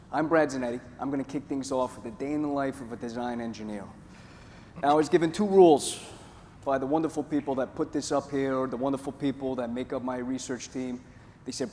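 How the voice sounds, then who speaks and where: A man from Northeast Pennsylvania giving a jokey, energetic conference talk to a live audience. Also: medium pitch. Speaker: conference presenter. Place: large conference hall. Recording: hall reverb, faint room noise.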